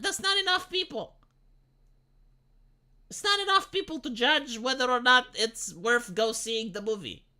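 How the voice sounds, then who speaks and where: A high-voiced man livestreaming, his tone bright and cutting. He rants sarcastically about film reviews, swears freely, and trips over his own restarts. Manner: ranting, sarcastic, profane; halting, with many restarts.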